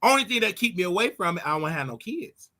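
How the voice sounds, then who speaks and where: A man's voice: high-pitched, very animated, rapid-fire, sharp tone. A man ranting casually on a livestream in a flamboyant, sing-song way, with sudden yelps and laughter. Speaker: online preacher commentator.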